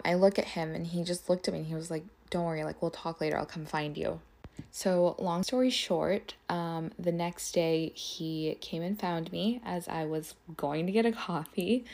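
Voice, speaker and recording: A young woman with a slightly low voice hosts her podcast, telling her story casually to her listeners. She talks in a loose, gossipy flow, swears freely and leans on "like" in nearly every sentence. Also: steady tone, measured pace, a little mellow. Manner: chatty and profane, heavy use of "like". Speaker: podcast host.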